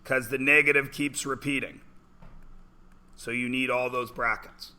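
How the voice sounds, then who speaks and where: A man's voice: mid-range voice, steady tone, unhurried, pushed and bright. A man in his forties teaching a math class, chatty and joking, asking the class questions in between. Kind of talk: classroom lecture with anecdotes.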